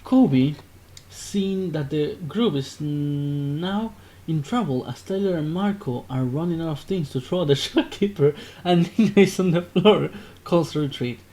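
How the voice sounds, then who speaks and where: A man's voice: fairly high pitch, measured pace, dark tone. A man casually narrating a text game aloud, often stopping to correct himself. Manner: casual, self-interrupting narration. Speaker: gaming video creator.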